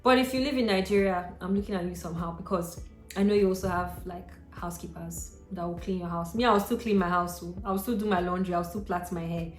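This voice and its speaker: A woman's voice: on the low side, quick pace. A young adult woman vlogging to camera, chatty and encouraging, talking straight to her viewers like a friend. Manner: chatty and encouraging, addressing viewers directly as girl and sis. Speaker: lifestyle vlogger. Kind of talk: casual talk to camera. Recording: roomy echo with faint music.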